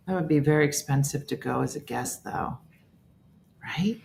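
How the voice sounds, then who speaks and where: Low-pitched middle-aged woman, casual chatty host who reacts quickly. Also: vocal fry, a little mellow, a little hiss or hum. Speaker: host reading viewer comments. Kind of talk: casual chat.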